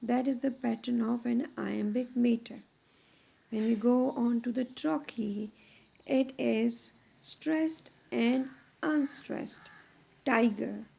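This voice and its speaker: A woman teacher giving a measured explanatory lecture on poetry, pausing often between phrases. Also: fairly high pitch, fairly even intonation, creaky, dark tone, slightly rough.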